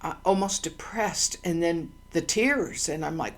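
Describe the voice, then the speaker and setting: A woman's voice: on the low side, measured pace. A woman hosting her own channel, telling personal stories in a casual, meandering way with many ums and restarts, earnest and heartfelt. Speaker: channel host. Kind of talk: casual personal storytelling monologue.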